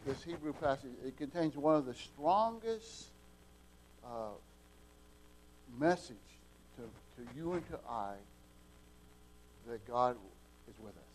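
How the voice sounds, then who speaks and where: A man delivering a plain-spoken sermon in an ordinary middle-pitched voice. He stumbles and repeats words as he works through a point, then surges loud on the key lines. It sounds like a homespun pulpit talk. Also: expressive, slow, long pauses, a little hiss or hum, low-quality recording. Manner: folksy preaching, repeats words, swings from quiet to loud. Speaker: preacher.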